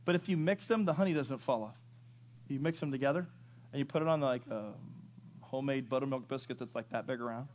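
A man preaching a sermon, moving from loud rising questions to low quiet asides. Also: quick pace. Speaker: pastor. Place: church sanctuary.

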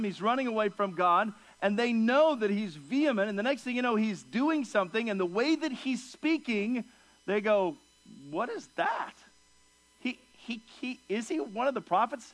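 Higher-voiced man preaching with fervor. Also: no room sound, poor audio. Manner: emphatic, swings from low asides to raised, excited delivery; acts out quoted speakers in pitched-up voices. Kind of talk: expository sermon.

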